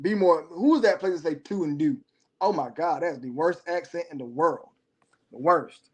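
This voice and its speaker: A man hosting a livestream, giving blunt, opinionated commentary and reacting to viewer chat, speeding up and then drawing his words out. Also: fairly high pitch. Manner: blunt, opinionated, switches between rapid and drawn-out delivery. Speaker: livestream host.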